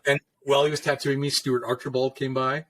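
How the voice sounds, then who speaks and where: A tattoo artist in middle age tells laid-back, swear-filled stories from his shop, acting out quoted dialogue as part of a casual conversation. His voice is medium-pitched and a bit bright, a little fast, with little pitch movement.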